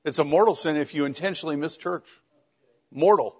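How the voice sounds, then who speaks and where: A man's voice: fairly high pitch, a little fast, darkish tone, husky. A middle-aged man teaching a class, lecturing conversationally with wry jokes and questions to students. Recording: dull lo-fi classroom recording.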